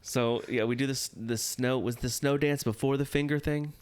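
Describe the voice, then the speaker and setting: A man with a smooth, resonant voice at a middle pitch, chatting casually on a podcast. He tells a story with jokes and slips into lively impressions of the people he quotes. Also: normal speed, no echo. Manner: joking storyteller who acts out quotes. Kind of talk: casual chat.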